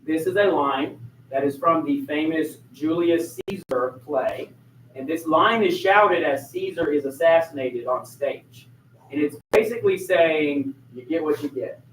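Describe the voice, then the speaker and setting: A man's voice: on the high side, measured pace. A male teacher giving a history lecture to a class, telling the story with energy and throwing questions to the students. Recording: echoey room, mic far off, faint noise.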